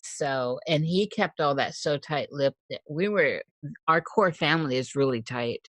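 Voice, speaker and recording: Friendly host with quick, dry-sounding replies. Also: medium pitch, a bit bright, no room sound. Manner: responsive listener, quick affirmations and frequent laughter. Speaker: podcast host. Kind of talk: casual interview conversation.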